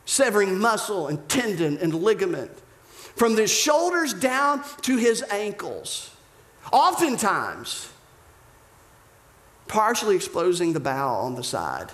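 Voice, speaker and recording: A man preaching a sermon as dramatic storytelling, slowing down and dropping almost to a whisper. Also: high-pitched, big pitch swings, a bit bright. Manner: dramatic storytelling, slows and drops to near whispers. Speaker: pastor.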